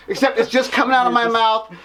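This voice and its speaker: A man's voice: fairly high pitch, a little fast. A man in a band telling a story in casual chat, swearing often and acting out the voices of the people in it. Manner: animated, swears a lot, acts out voices in his stories. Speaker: band member, podcast co-host.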